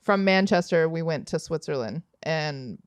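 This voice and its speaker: Young woman, from Los Angeles, casual story, profane, laughing, smooth voice, dry close sound. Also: low-pitched, animated, normal speed, dry recording. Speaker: podcast guest, rapper.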